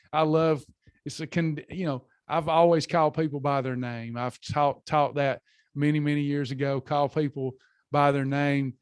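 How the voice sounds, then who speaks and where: A man's voice: a little high, clean tone, no room sound, studio quality. A man hosting a live faith-based wellness session, talking earnestly and repeating himself with many fillers. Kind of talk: casual live webinar talk with guided affirmations.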